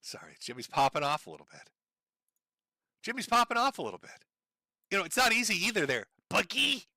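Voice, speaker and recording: Sore from broken ribs and medicated, a middle-aged livestreamer rants with profane, mocking sarcasm. His high voice swoops wildly in pitch, moves a little fast, and has a sharp tone, recorded with no echo.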